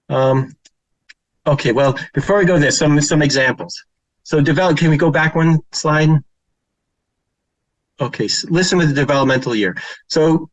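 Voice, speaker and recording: A man's voice: mid-range voice, dry recording, rough recording. Man, middle-aged, child therapist, presentation talk, informal storytelling, dry close sound. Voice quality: informal and storytelling, with fillers and put-on children's voices.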